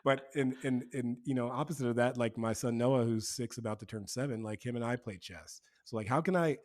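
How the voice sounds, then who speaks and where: Podcast guest, man, mid-pitched voice, earnest and relaxed, casual slang. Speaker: podcast guest, men's community co-founder. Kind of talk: casual conversation.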